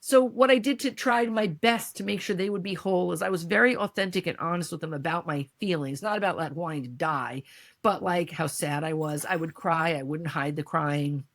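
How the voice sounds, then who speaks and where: A woman's voice: fairly low pitch, brisk. A middle-aged American woman, a podcast guest, speaking candidly and emotionally in a conversational interview. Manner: emotional, candid, animated when quoting others.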